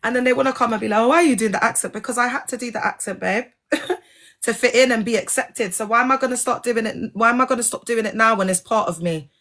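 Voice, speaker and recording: Speaking quickly in a slightly high, somewhat bright voice, this woman, a vlogger who once belonged to a church, wanders through an offhand monologue. Her tone is candid and sarcastic, and she keeps asking if you get what she means.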